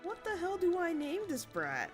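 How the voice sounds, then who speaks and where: Animated woman streamer. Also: very high voice, moderate pace, faint music behind. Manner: chatty and expressive, with sudden excited squeals. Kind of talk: casual gameplay commentary.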